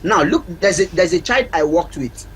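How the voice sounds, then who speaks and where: A man's voice: sits high, lively intonation, moderate pace, slightly rough, rough recording. A man with a Nigerian accent, a family counselor giving advice on a TV talk show, emphatic and repeating key points like a teacher.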